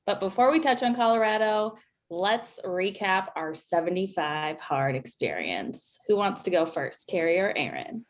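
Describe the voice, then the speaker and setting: A woman hosting a casual podcast chat with her friends, upbeat and quick to laugh. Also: medium pitch, animated. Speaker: podcast host.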